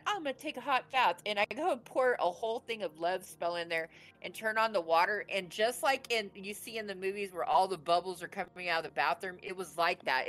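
A woman's voice: medium pitch, rough recording. A woman in her late forties telling a personal story in a rambling, casual way, full of filler words. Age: 40s. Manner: rambling, full of "you know" and "like".

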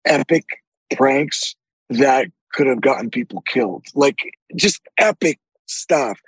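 A man with a deep, raspy voice, telling animated stories with frequent swearing as a podcast guest. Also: takes it slowly, no room sound, poor audio. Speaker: actor guest. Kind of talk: casual podcast interview.

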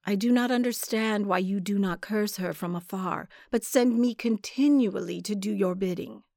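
A woman's voice: medium pitch, moderate pace, gravelly, a little mellow, dry recording, studio quality, close to an everyday voice. A woman voicing a weary, bound male sailor who speaks in a pleading, resentful way.

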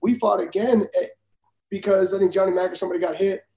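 Brief: ex-pitcher guest, man, higher voice but mellow tone, blunt and laughing, roomy sound. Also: steady tone, fast talker, creaky. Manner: blunt, profane, laughs while telling stories. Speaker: former major league pitcher, guest. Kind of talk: casual storytelling.

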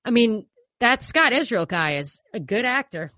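A woman from New York with a New York accent, co-hosting a casual political talk show and talking in an animated, opinionated way full of "you know" fillers. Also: on the high side, moderate pace, no room sound.

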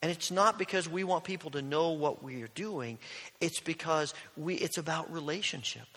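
A male pastor preaching a sermon, telling stories earnestly and dropping to a hush on key lines. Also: fairly high pitch, normal speed. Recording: long reverb of a large hall.

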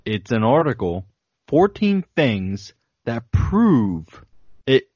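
A man's voice: medium pitch, sing-song, takes it slowly, a little mellow, breathy edge, no room sound, dull audio. A man co-hosting a podcast in casual banter, joking and laughing as he reads from a list. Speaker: podcast co-host.

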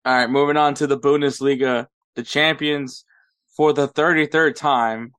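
A man hosting a sports podcast, recapping league results in a measured, methodical way. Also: medium pitch, fairly even intonation, fairly bright tone, clean tone, no echo. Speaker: podcast host.

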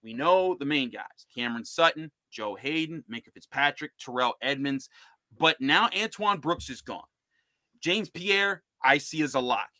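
A podcast host and NFL analyst talks through football roster picks on a casual sports show, full of restarts and fillers. His fairly high voice is animated, pushed and bright at a moderate pace, with no room sound.

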